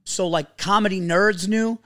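A man, a comedian telling stories on a podcast, animated and swearing freely. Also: sits high, moderate pace, no room sound. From New York. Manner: animated storyteller, swears freely, acts out quotes. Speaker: comedian guest. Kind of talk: casual podcast chat.

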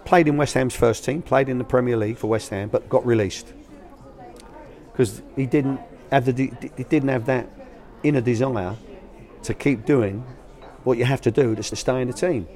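A man's voice: medium pitch, moderate pace, a little mellow. An older man, a guest telling anecdotes about coaching young players in a casual, colloquial way. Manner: anecdotal, colloquial, acts out quoted voices. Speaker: guest, former youth academy manager. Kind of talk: storytelling interview answers.

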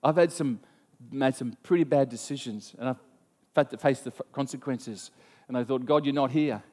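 A man preaching a sermon, telling a story in an animated way with frequent restarts. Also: medium pitch, moderate pace, big-room sound. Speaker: pastor.

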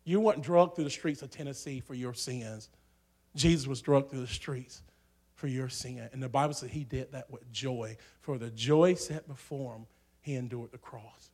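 A man preaching a sermon in a church, swinging from hushed asides to loud, shouting peaks. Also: medium pitch, normal speed.

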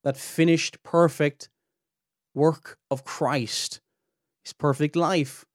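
Guy preaching-style teaching, kinda high voice, gets emphatic fast. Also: fairly even intonation, no echo, clean studio sound. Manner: emphatic, earnest, rises sharply when pressing a point. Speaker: podcast host and Bible teacher. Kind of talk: theological teaching talk.

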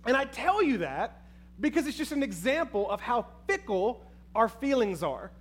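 High-voiced animated male preacher. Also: normal speed. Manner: animated storytelling, addresses the crowd as "y'all". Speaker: pastor. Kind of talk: sermon with personal story.

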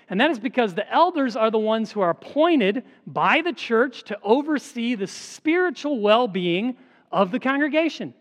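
A man's voice: high-pitched, in a large hall. A man preaching a sermon as pastor, earnest and emphatic, asking rhetorical questions and answering them.

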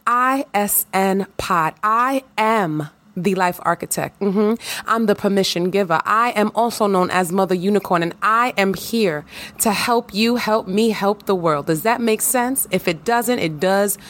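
A woman hosting her own podcast, talking to listeners in a lively, playful, hype-building way. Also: mid-range voice, unhurried. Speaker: podcast host. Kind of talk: casual solo podcast talk.

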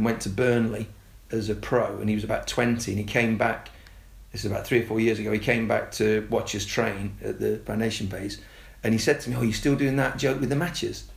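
A man, a youth football coach talking casually and telling animated stories. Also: creaky, roomy sound. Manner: animated storyteller, mimics excited kids in a high voice. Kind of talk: casual podcast chat.

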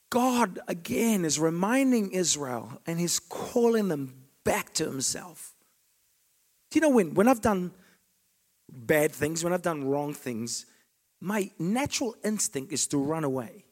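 A man preaches with real fervor, climbing to ringing declarations and then sinking to near-whispered asides. His voice sits high and swoops widely in pitch throughout. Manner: passionate, swinging from loud declarations to hushed asides. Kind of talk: sermon.

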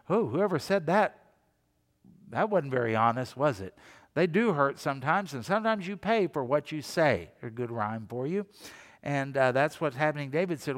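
A man's voice: medium pitch, animated, normal speed, long reverb tail. A male pastor preaching a sermon in a conversational way, acting out the voices he quotes.

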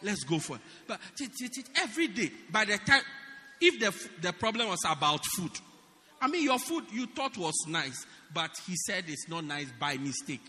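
A man preaching a humorous sermon, acting out stories and shouting the punchlines. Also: sits high, normal speed, big-room sound. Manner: animated storytelling, laughing and shouting punchlines. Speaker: pastor.

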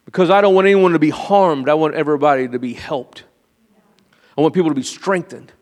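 A man pastor giving an earnest sermon, often slowing down and dropping to a quiet, confiding tone. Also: on the high side. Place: church sanctuary. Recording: long reverb of a large hall.

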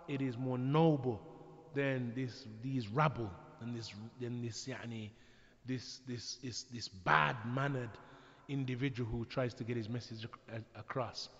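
A man giving a religious lecture in a measured way, with frequent restarts and pauses. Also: mid-range voice, fairly bright tone. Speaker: Islamic preacher. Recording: echoey hall, dull lo-fi sound.

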